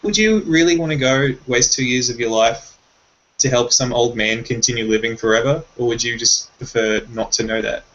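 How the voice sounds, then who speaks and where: A man's voice: medium pitch, moderate pace, a bit bright. Argumentative man on a lo-fi chat. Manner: argumentative, reasoning things through. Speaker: podcast co-host. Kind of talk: casual film discussion. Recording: dull lo-fi recording.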